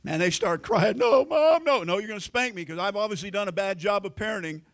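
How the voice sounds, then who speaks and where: A middle-aged American pastor preaching a sermon in a folksy storytelling way, acting out family conversations. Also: male voice, sits high, quick pace, bright, forceful tone. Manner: folksy storytelling, acts out quoted family lines.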